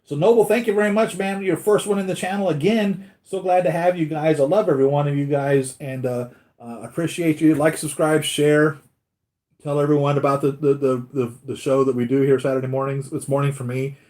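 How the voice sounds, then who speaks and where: A US collectibles channel host rambles casually through a live stream about his collection, imitating the people who show up in his anecdotes. His voice sits fairly high with a darkish tone, steady, and a little fast.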